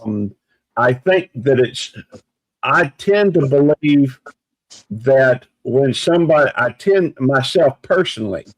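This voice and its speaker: A man in casual live-stream chat, talking in a measured, hesitant way with many fillers. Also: medium pitch, dry recording, rough recording. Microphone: video call.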